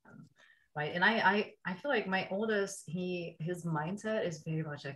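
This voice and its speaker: Animated woman in her forties. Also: on the low side, moderate pace, low-quality recording. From Brazil. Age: 40s. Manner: animated, acts out dialogue in quotes. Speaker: guest mindset coach. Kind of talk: casual podcast conversation.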